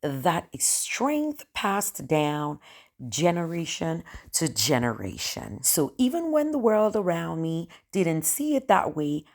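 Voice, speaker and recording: Cameroonian lady doing a storytime vlog, low voice that swings all over, emotional, talks right to you. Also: gravelly. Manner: emotional, animated, addresses viewers directly. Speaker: storyteller vlogger.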